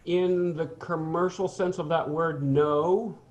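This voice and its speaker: A man's voice: on the high side, fairly even intonation, takes it slowly, darkish tone, highs cut off. Thoughtful male singing student. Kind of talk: lesson discussion.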